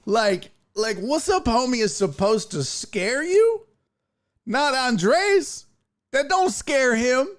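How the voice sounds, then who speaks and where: A man hosting a show, casually commenting on a video with profane jokes and mimicking the people in it. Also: drawn-out words. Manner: animated, profane, mimics people in high voices. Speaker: show host.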